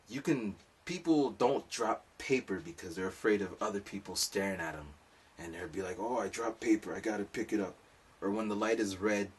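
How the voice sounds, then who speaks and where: A man's voice: deep voice, slightly rough, far from the mic. A man telling a rambling, comic story in a casual monologue, full of asides. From lives in Japan.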